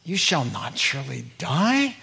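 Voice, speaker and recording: A man's voice: mid-range voice, wildly swooping pitch, measured pace, gravelly, pushed and bright, full character voice. A man voicing a sly serpent that tempts and coaxes, in a preacher's sermon. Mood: scoffing, tempting. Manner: coaxing, wheedling.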